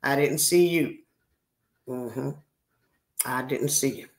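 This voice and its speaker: In a very deep voice and at a slow pace, a livestreamer in her sixties chats casually with her audience. She is brash and profane, teasing viewers while scolding them, and the sound carries a roomy echo.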